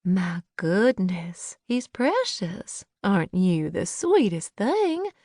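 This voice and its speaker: A woman voicing a gentle, wry older godmother with genteel manners. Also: mid-range voice, expressive, takes it slowly, dry recording, studio quality. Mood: cooing.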